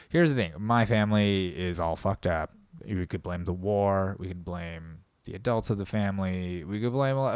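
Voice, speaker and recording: A man with a lowish, smooth and resonant voice delivers a rambling comic rant on his podcast. He riffs sarcastically, breaking into laughter, jumping between loud bursts and muttered throwaway lines. The sound is close and dry. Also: no echo. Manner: swings between loud outbursts and mumbled asides. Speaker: podcast host. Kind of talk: comedic monologue.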